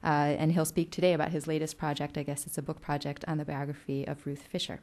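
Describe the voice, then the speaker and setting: A woman's voice: low voice, little pitch movement, fast, a little mellow. A woman moderating an event, reading speaker biographies with frequent fillers. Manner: reads bios with frequent fillers.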